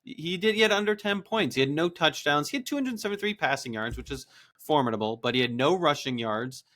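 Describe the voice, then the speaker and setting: A man's voice: fairly high pitch, animated, a little fast, a bit bright. A man co-hosting a podcast, recapping fantasy football games in an upbeat, enthusiastic way. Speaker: podcast co-host. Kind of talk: casual fantasy football chat.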